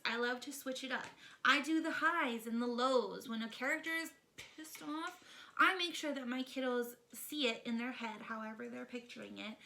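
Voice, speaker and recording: A woman hosting a parenting book club vlog, giving chatty, emphatic advice and often checking in with "okay?". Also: sits high. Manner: lively and animated.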